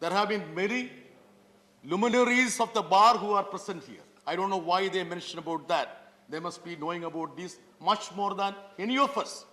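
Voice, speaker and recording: A man speaks from the floor of a large parliament chamber, his voice pitched high and ringing bright. He drives each point home with emphatic, rhetorical questions. A long reverb carries his words through the hall. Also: normal speed. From Kerala, India. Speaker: member of parliament.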